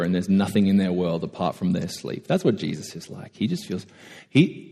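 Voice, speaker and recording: A man preaching a conversational sermon, self-deprecating and animated when telling stories. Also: lowish voice, husky. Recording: echoey hall.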